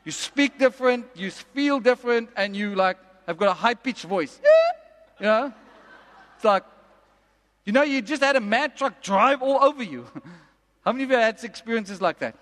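Male preacher, high tenor, emphatic sermon delivery, church-hall reverb. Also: lively intonation, a bit bright. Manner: emphatic, repeats lines slowly for effect. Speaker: pastor. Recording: long reverb of a large hall.

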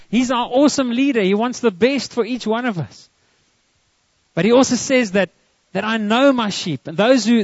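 High-voiced earnest male preacher. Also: a little mellow, no echo, highs cut off. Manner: earnest, repeats words when starting lines. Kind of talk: sermon. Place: church service.

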